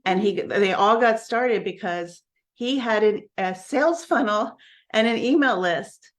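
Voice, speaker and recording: A woman's voice: on the high side, a little slow. Candid woman telling a personal story. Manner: candid and earnest, with frequent restarts. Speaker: network marketing coach. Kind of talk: personal storytelling on a live stream.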